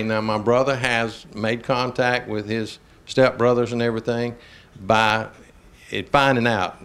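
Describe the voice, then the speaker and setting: A man's voice: mid-range voice, normal speed. Older man telling folksy stories. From Georgia, US. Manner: animated, chuckling, drawling Southern speech. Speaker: talk show host. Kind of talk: folksy storytelling.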